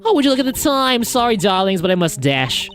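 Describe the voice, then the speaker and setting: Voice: medium pitch, sing-song, a little fast, a bit bright, soft background music, voice pushed up. A game player voicing a flamboyant, theatrical woman prison warden with an affected drawl and French phrases.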